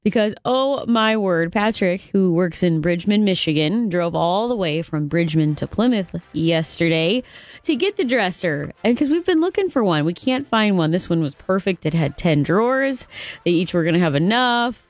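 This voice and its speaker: A woman hosting a morning radio show, telling a story in an exasperated, animated way. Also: on the low side, moderate pace, dry recording.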